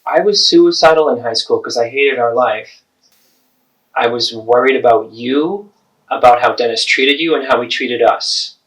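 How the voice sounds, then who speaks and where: An adult daughter, played by a man speaks in a mid-pitched voice and presses her mother earnestly and persistently. It is a therapeutic role-play, and the delivery stays plain and sincere. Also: moderate pace, a bit bright, close to an everyday voice.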